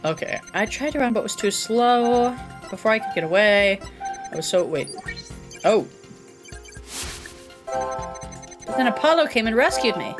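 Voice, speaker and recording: A woman voicing a shy, sweet young woman witness who speaks softly and gently. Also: a little high, animated, unhurried, pauses often, music in the background. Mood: timid.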